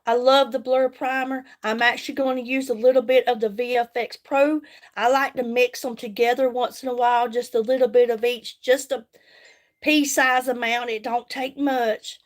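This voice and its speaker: A woman's voice: a little high, flat delivery, normal speed. A middle-aged woman, chatting casually on a live stream while doing her makeup, folksy and greeting viewers by name. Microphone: phone.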